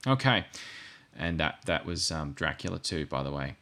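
A man's voice: very deep voice, big pitch swings, normal speed, bright, forceful tone. A man co-hosting a podcast, talking casually in a rambling way and correcting himself as he goes. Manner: rambling and self-correcting, with asides. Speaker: podcast co-host.

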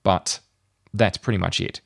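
A man with a deep voice and a gravelly edge talks through his thoughts on a podcast. He rambles casually and loads his sentences with fillers. The recording is close and dry. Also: fairly even intonation, unhurried, dry recording. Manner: rambling, thinking aloud with many fillers. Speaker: podcast host. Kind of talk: casual chat.

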